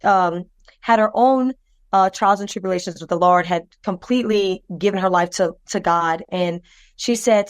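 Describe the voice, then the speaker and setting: Expressive woman telling a personal story. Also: mid-range voice, normal speed, smooth, dry recording. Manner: lively and expressive, acts out other people's voices; loose, rambling delivery with many fillers and restarts. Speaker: podcast co-host. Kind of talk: personal storytelling in a podcast chat.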